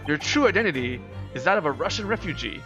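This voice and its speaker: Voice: mid-range voice, very animated, fast, close to an everyday voice. A streamer voicing a boastful, eccentric male detective in a visual novel, speaking in a theatrical, self-assured way. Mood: pompous. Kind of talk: reading visual novel lines aloud. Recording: game music playing behind. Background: game music.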